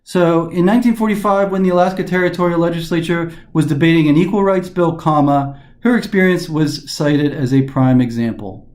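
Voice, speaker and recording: Guy walking through test answers, slightly high voice, echoey room, restarts a lot. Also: brisk, darkish tone. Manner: explanatory, frequent restarts and fillers. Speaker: test prep instructor. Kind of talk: recorded online lesson.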